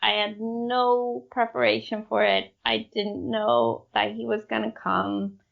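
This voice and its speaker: A woman's voice: on the high side, level tone, unhurried, creaky, muffled recording. A woman co-hosting a casual true-crime podcast, telling the story in a giggly, hesitant way; English is not her first language. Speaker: podcast co-host.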